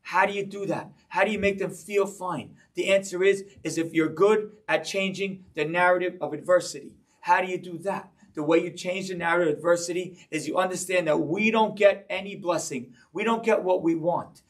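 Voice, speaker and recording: A man giving a sermon-style Torah class, telling stories with animated delivery and acting out voices in them. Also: high voice, normal speed, hardly any pauses, recorded from a distance. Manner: animated storyteller, acting out a child's voice. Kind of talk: sermon with storytelling.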